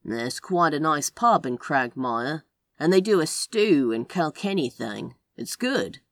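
A woman's voice: deep voice, expressive, a little slow, dry recording, clean studio sound. A woman voicing a grumpy, brusque man with a slight Scottish accent, speaking in short blunt sentences in a storybook reading. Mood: offhand.

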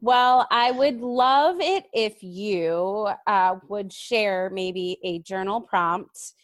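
Woman, podcast host, chatty and enthusiastic, mid-pitched, lots of "like". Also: drawn-out words, no echo. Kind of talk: conversational podcast interview.

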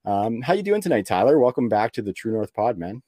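A man's voice: mid-range voice, big pitch swings, a little fast, dark tone, no room sound, studio quality. A man from Canada hosting a sports podcast, talking in a laid-back way with lots of fillers and easy laughs. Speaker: podcast host. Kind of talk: casual sports podcast chat.

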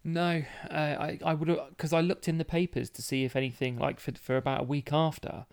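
A young man with a Black Country accent, chatting loosely as a podcast co-host. His voice has a gravelly, creaky edge, and he rambles through stories and laughs a lot. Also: on the high side, level tone, fairly quick. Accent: Black Country English. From Dudley area, West Midlands England. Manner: rambling storyteller, laughs often. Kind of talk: casual podcast chat.

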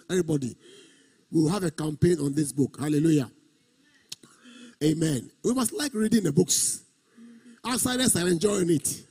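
A man's voice: on the high side, warm tone, breathy edge. A male pastor delivering a sermon, stretching and half-singing key words and repeating phrases for emphasis. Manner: preaching with sung, drawn-out emphasis and repetition.

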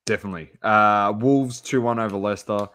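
An excitable man talking football on a podcast, his voice sitting low. He laughs easily and rattles through scores, recorded dry and close to the mic. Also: fairly quick, no echo. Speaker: podcast co-host. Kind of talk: casual sports chat.

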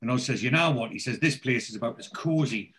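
A man's voice: medium pitch, fast talker. Casual man retelling TV scenes. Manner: animated storyteller, many fillers and restarts. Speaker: podcast host recapping a TV series. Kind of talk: casual chat, retelling scenes with quoted dialogue.

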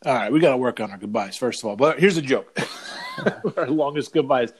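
Male podcast co-host, middle-pitched, rambling joke-teller with many restarts. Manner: rambling, halting with restarts, laughing. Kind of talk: casual chat, telling a joke.

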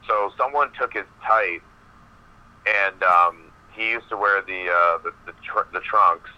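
A male professional wrestler, a guest on an interview podcast, telling a long backstage story in a rambling, animated way with many fillers. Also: on the low side, unhurried, muffled recording.

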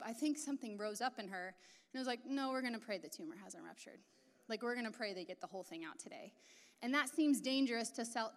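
A woman's voice: a little high, a bit bright. Earnest woman preaching in a reverberant hall. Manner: earnest, personal storytelling. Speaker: pastor. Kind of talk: sermon.

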